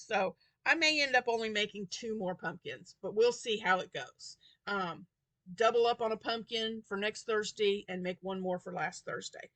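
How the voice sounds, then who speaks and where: Bright, chatty woman crochet vlogger. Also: mid-range voice, no room sound. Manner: chatty, giggly, rambling. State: tired and yawning. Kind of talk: casual chat to camera.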